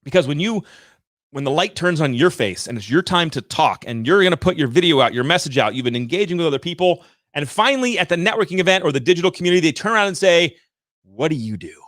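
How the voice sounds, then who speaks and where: A man in his thirties hosting a livestream, giving an energetic, emphatic motivational rant on sales and talking straight to his viewers. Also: a little high, quick pace, dry recording, studio quality. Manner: energetic, emphatic and ranting, addresses viewers directly. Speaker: livestream host and sales coach.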